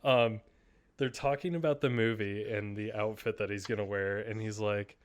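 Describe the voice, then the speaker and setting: A podcast co-host with a lowish, steady voice chats casually at normal speed. He sounds enthusiastic, with plenty of fillers and restarts.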